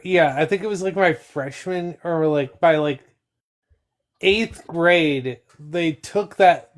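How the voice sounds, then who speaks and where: A man from Michigan with a fairly high voice chats on a podcast with friends. He jokes around and tells stories in halting bits. His talk is easygoing. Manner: joking, tells stories with pauses. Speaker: podcast co-host. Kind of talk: casual chat.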